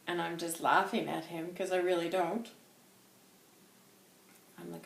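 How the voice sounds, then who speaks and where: A woman's voice: lowish voice, little pitch movement, unhurried, gravelly, pauses often, roomy sound, slight background noise. A woman hosting a casual channelled reading, chatty and rambling, with lots of "like". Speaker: host.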